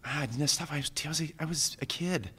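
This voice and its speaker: A man in his forties, a guest on a live podcast, telling a personal story with lively acted-out quotes and bursts of laughter. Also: on the high side, fast talker, slightly rough.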